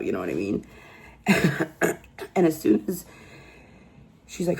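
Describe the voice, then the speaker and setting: Gravelly, husky woman retelling a true crime story. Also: sits low, sing-song, a little slow, pauses often, darkish tone. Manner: chatty, incredulous, filler-heavy storytelling. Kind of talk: casual true crime recap.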